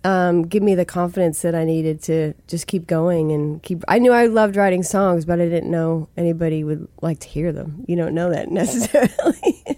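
A woman's voice: lowish voice, normal speed, few pauses, mellow, dry recording. Guest spot: Boston-accented woman in her forties, easygoing and chatty, recorded close and dry. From Massachusetts. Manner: chatty, laughs often. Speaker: songwriter guest. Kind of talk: casual interview chat.

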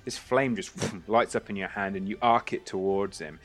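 A man's voice: on the low side, normal speed. A man running a tabletop game as game master, narrating casually with frequent hesitations.

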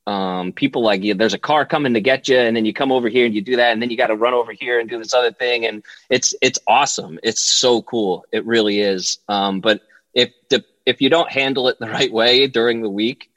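A middle-aged man tells stories as a podcast guest, chatty and animated, jumping into high voices to quote people. His pitch sits mid-range for a man. The recording is dry and close, with no room sound. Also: fairly quick, no room sound. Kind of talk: casual storytelling chat.

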